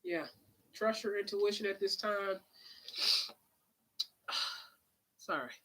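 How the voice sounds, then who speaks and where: Bright-voiced chatty woman reading tarot. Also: mid-range voice, animated, slow, low-quality recording. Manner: chatty, drawling, calls listeners honey and child. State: sniffling. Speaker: tarot reader. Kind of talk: casual live tarot reading.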